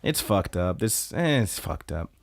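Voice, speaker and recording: Male podcast co-host, lowish voice, loose rambling recap style. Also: very animated, measured pace, vocal fry. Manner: rambling retelling with fillers and quoted lines. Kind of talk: casual chat recapping an anime.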